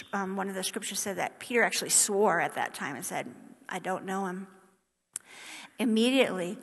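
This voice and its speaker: A woman preaching a sermon, reading scripture aloud with emphatic rises and soft hushed drops. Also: medium pitch. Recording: long hall reverb.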